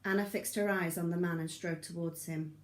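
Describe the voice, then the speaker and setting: A woman narrating a novel in an audiobook reading, steady and measured. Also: lowish voice, roomy sound. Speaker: audiobook reader.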